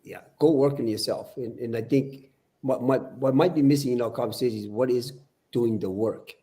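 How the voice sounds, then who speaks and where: A man's voice: medium pitch, normal speed, dark tone. An older man speaking as a podcast guest, earnest and preachy, often repeating his words as he talks. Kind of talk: casual podcast discussion.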